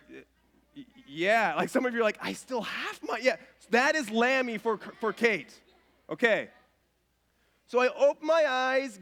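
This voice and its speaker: A man in his thirties preaching a casual, self-mocking sermon with stories, dropping to a soft voice when quoting others. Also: extremely high pitch. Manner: animated, self-mocking, drops to soft voice for quotes. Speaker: pastor. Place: church stage.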